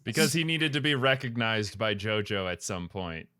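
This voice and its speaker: Casting: joking male co-host, mid pitch, bright forward tone, dry close sound. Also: animated, normal speed, no room sound. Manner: joking, teasing, mock-dramatic. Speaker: podcast co-host. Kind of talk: casual chat.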